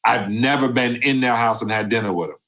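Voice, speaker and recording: Animated storytelling man in his fifties. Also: a little fast. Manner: animated storyteller who acts out quoted voices with big pitch jumps. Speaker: podcast guest, former basketball player. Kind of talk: storytelling interview.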